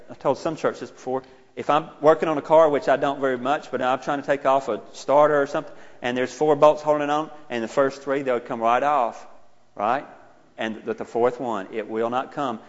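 A middle-aged man preaching a sermon in a conversational, self-deprecating way, rising to loud exclaiming. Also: mid-range voice. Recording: muffled, with a long hall reverb.

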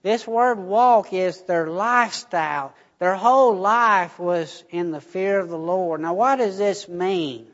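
Slow pastor in a reverberant church. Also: male voice, sits high, a bit bright. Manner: folksy storytelling, addresses congregation. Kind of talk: sermon. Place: church sanctuary. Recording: muffled sound, long church reverb.

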